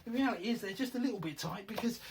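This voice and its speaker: Talking rapid-fire in a high-pitched, expressive voice over some background noise, a hobbyist shows off a board game box he made himself. It's a loose show-and-tell where he thinks out loud and pokes fun at himself.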